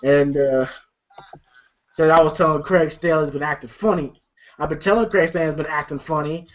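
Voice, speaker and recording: A man's voice: on the high side, fairly even intonation, normal speed. A man hosting a casual movie review chat, retelling scenes with lots of fillers and laughs. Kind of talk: casual chat recapping a film. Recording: dull lo-fi recording.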